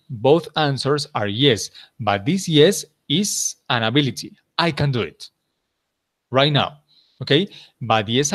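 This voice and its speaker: A man's voice: on the high side, a bit bright. Patient man teaching an English class. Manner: patient, repeats and praises students.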